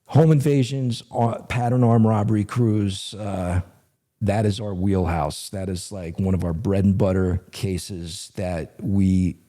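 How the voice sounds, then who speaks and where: A middle-aged man, a retired federal agent, telling a story in an animated, conversational way as a guest. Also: sits low, a little slow. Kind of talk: storytelling in a podcast interview.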